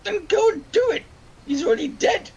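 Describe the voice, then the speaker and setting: A man voicing a prickly foreign traveler in a tabletop game, with a hammy, deliberately bad British accent and a huffy way of snapping back. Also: very high voice, lively intonation, gravelly, a little mellow, muffled recording, voice pushed up, full character voice. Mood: snippy. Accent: British, played up badly on purpose. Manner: huffy, quick to snap back.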